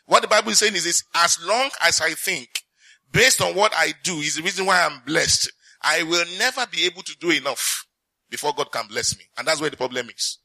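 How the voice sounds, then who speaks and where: A male pastor delivers a sermon, posing questions to his congregation and answering them himself. His voice is bright and somewhat high for a man. The sound is close and dry, with little room in it. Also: gravelly, no echo, low-quality recording. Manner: preaching with call-and-response questions to the congregation; reads scripture slowly and deliberately.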